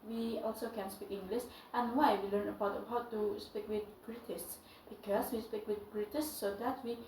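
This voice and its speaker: A young woman with an Indonesian accent teaching English, switching back and forth between English and Indonesian in halting phrases. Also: medium pitch, a little mellow, distant mic, slight background noise. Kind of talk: bilingual lesson. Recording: echoey room, voice from off-mic.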